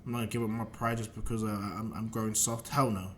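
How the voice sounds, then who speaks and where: A man's voice: fairly low pitch, flat delivery, quick pace, a little hiss or hum, close to an everyday voice. A man voicing a proud, scornful alien warrior prince in a spoken fan retelling, talking curtly. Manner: scornful, curt.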